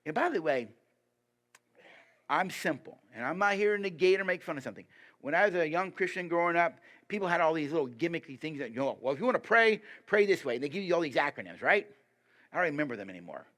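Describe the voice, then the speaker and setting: A man giving a sermon as a guest preacher, lively and emphatic, putting rhetorical questions to the congregation. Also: fast talker. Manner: lively and emphatic, pitch rising on key points.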